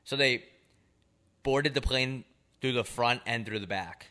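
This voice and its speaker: A man's voice: medium pitch, measured pace. A young man co-hosting a podcast, telling rambling, profane stories in casual chat. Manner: rambling, profane, animated storytelling. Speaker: podcast co-host.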